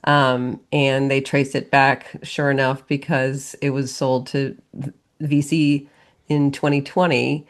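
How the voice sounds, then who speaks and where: A woman co-hosting a podcast, chatting in a relaxed and wry way, often murmuring agreement. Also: rumbling low, takes it slowly. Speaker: podcast co-host. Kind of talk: casual chat.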